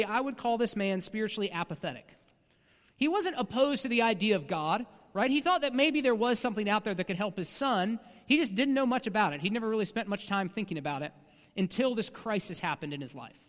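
A man's voice: high-pitched, a bit bright, long reverb tail. A man preaching a sermon as a pastor, talking in a conversational way with frequent rhetorical asides.

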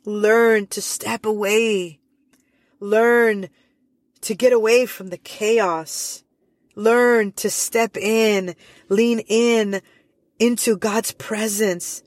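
Preacher, devotional sermon, slow and earnest with repeated emphasis, dry close sound. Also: medium pitch, fairly even intonation, no echo.

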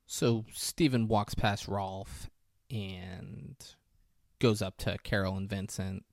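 A man in casual chat, animated and swearing freely as he recaps a movie. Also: fairly low pitch, slow pace, no echo, clean studio sound.

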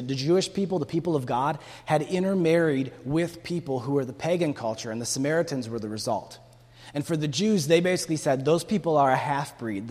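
Pastor, male, slightly high voice, chatty sermon delivery that acts out quotes, long hall reverb. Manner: conversational preaching, acts out quotes with rising energy.

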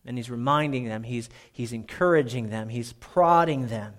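Animated, conversational preacher man. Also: mid-range voice, normal speed. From Minnesota. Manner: conversational, animated, self-deprecating. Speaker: pastor. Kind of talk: sermon.

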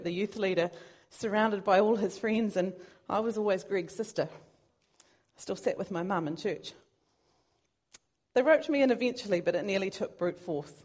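A woman's voice: mid-range voice, breathy edge. A woman preaching a sermon in an earnest, conversational way, now and then poking fun at herself. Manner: earnest, conversational, self-deprecating.

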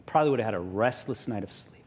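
A man pastor, telling a personal story in a sermon with lively self-mocking humor, then growing soft and quiet for reflection. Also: fairly low pitch, fast talker, slightly rough, big-room sound. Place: church sanctuary.

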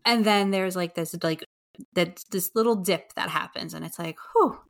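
A woman with a fairly low voice hosts a relaxed conversation. She asks questions slowly and with encouragement, drawing out her words. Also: vocal fry. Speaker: podcast host. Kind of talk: casual interview chat.

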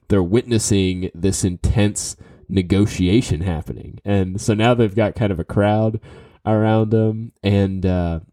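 A man's voice: lowish voice, dark tone, dry recording, clean studio sound. A man telling a casual story full of fillers and restarts, giving tips to business listeners. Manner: rambling, with many fillers and restarts.

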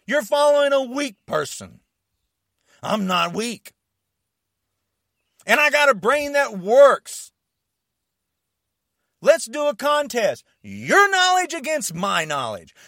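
A man delivering an angry, confrontational rant to camera, shouting and challenging his listeners. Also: very high voice, very animated, slow, vocal fry, pauses often, dry recording, clean studio sound.

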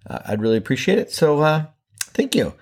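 A man's voice: fairly high pitch, big pitch swings, a little fast, darkish tone. A man hosting his own podcast, talking casually in a playful, jokey and emphatic way. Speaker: podcast host. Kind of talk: casual solo podcast talk.

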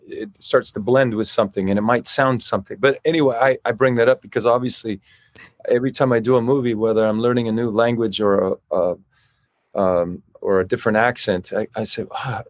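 A man's voice: mid-range voice, steady tone, a little fast, no room sound, muffled recording. A middle-aged man being interviewed as a guest, rambling and restarting his sentences often.

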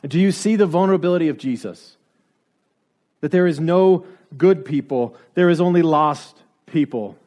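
A man's voice: fairly high pitch, normal speed, a little mellow. A man preaching a sermon, driving his points home with repeated rhetorical questions and building to emphatic peaks.

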